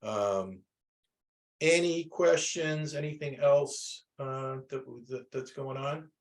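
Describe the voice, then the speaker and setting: A man's voice: medium pitch, slow. A man teaching a class over a video call, talking casually and rambling with many restarts.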